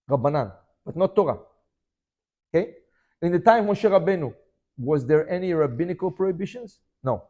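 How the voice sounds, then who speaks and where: A middle-aged man teaching a lively Torah lesson. His voice sits high and leaps up and down as he throws questions at his listeners. He scatters Hebrew terms through his explanations. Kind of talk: animated Torah class.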